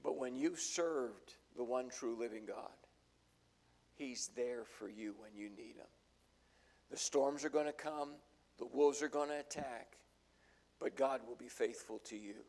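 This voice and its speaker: A man's voice: medium pitch, a little slow, darkish tone. An older man preaching a sermon in a folksy, storytelling way, acting out the voices in his stories. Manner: folksy storytelling, acts out quotes. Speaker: pastor.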